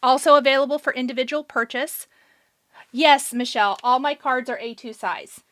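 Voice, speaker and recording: Hiccuping through a live-streamed craft session, a woman makes cards while chatting casually and fielding viewer questions. Her voice is high-pitched and fairly bright, with fairly even intonation and an ordinary speaking speed.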